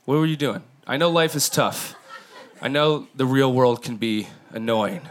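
A man's voice: medium pitch, unhurried, a little hiss or hum. A man doing a crude stand-up comedy set, riffing and talking straight to the crowd. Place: comedy club stage. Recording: live club audience. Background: audience laughing.

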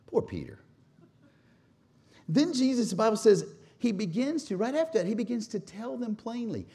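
A man in his forties preaching a sermon with animated, humorous storytelling. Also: high voice, moderate pace, pauses often. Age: 40s. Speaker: pastor.

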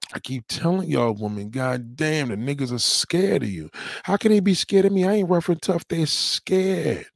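A man hosting a livestream, ranting loudly and profanely, rambling and repeating his catchphrases. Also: on the high side, creaky, dry recording, clean studio sound. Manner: loud, rambling, repeats catchphrases, heavy swearing. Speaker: livestream host.

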